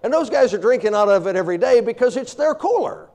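A man with an extremely high pitch preaches fast. He tells everyday stories with lively humor, laughs often, and quotes scripture in old-fashioned wording.

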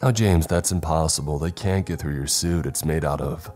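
A stern, commanding spaceship captain, as a man acts him out, with an extremely deep voice and clipped orders. Faint music sits behind him in a horror audio story. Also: normal speed, a little mellow. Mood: urgent. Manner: commanding, curt.

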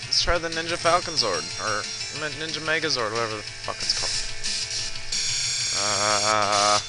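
A man's voice: fairly low pitch, normal speed. A young man giving casual, rambling commentary while playing a video game, swearing often as he loses, recorded on a boosted computer mic that crackles. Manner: rambling, profane, swears often when losing. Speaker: let's player. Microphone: boosted computer mic with crackling audio. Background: loud game music.

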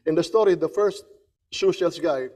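A man's voice: fairly high pitch, moderate pace, a little mellow. A man preaching a sermon, telling a story and repeating key phrases for emphasis. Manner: storytelling, acts out the characters' voices.

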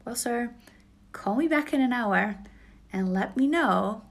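A woman calmly retelling a story from her guest services job, quoting an angry guest. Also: on the high side, unhurried, vocal fry. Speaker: former cruise ship guest services worker.

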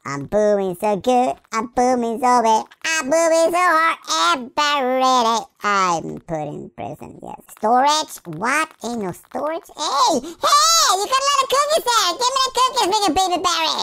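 A man's voice: very high voice, sing-song, a little slow, vocal fry, hardly any pauses, pushed and bright, clean tone, no room sound, full character voice, poor audio. A man voicing a cheeky baby hedgehog in playful gameplay commentary, full of silly rhymes and nonsense words. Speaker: game player.

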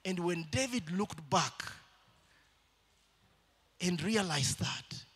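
A man preaching a sermon in church, shifting between loud calls to the congregation and quieter storytelling. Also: sits high, lively intonation, slow, husky.

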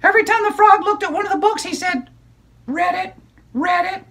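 A man voicing a perky, chatty female puppet sidekick who tells stories eagerly in a children's puppet show. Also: a bit bright. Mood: excited. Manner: eager, rushing storyteller, high squeaky voice.

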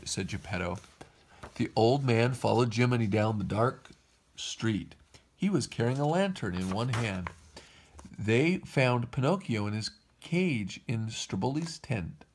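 Dad reading a kids story out loud, raspy gravelly voice, really animated. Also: male voice, mid-range voice, unhurried. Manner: expressive, lively reading. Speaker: father reading to his kids. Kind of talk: storybook read-aloud.

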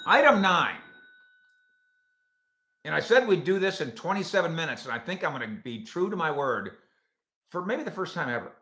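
A man hosts a live sports call-in show with a bright, lively voice that jumps around in pitch. He answers viewer comments with quick wisecracks. The sound bounces around an echoey room.

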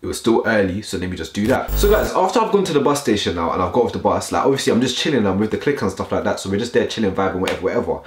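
A young man telling a storytime vlog story to viewers, full of slang and animated asides. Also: lowish voice, racing, hardly any pauses, a little hiss or hum. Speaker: vlogger. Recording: roomy echo.

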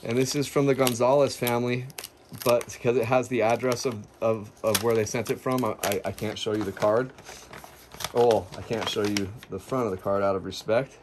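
A man's voice: medium pitch, steady tone, normal speed, noisy background. A man vlogging as he opens gifts from viewers, emotional and stammering, repeating his words as he reads a card aloud. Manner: emotional, voice breaking with gratitude. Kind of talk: casual to-camera vlog.

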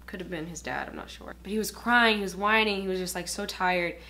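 A woman's voice: fairly low pitch, brisk, sharp tone, a little hiss or hum. Earnest rambling woman vlogger. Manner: rambling, heavy on "like" fillers; earnest and openly emotional. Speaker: beauty vlogger. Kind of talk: casual get-ready-with-me chat.

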